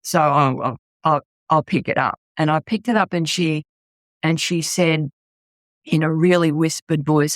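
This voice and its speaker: A woman's voice: sits low, normal speed, no echo. A middle-aged woman with an Australian accent, a charity founder speaking in an interview. She talks earnestly and bluntly and often restarts her sentences. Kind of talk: candid interview storytelling.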